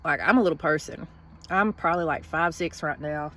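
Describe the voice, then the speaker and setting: A woman's voice: low voice, brisk, fairly bright tone. A woman talks in a blunt, profane, rambling way in a casual vlog, venting from inside a vehicle in a parking lot. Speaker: vlogger.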